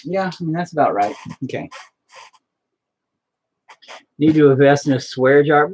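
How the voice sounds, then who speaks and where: A man's voice: a little high, a little fast, darkish tone, soft background music. A young man chatting casually while he paints, self-deprecating and swearing constantly as he talks to his painting. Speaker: painting video host.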